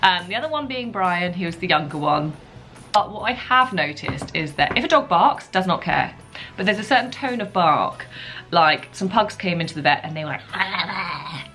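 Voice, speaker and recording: A young woman talks through her vlog in a loose, chatty way, full of little asides. Her voice sits a touch low for a woman. Faint music plays softly behind her. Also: moderate pace. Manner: chatty and relaxed, with many asides. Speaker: vlogger. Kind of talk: casual chat.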